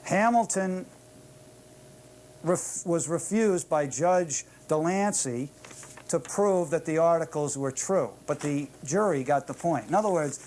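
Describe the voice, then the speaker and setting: A man's voice: fairly high pitch, a little slow, a little mellow, a little hiss or hum. Older man, public access host, sarcastic rant, rhetorical questions, combative. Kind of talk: ranting monologue. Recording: old public access tape.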